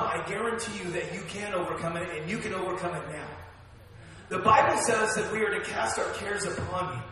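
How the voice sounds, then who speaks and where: Energetic male preacher; high, bright voice; recorded from a distance in a reverberant church hall. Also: a little hiss or hum. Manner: energetic, calls for amens. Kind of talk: sermon.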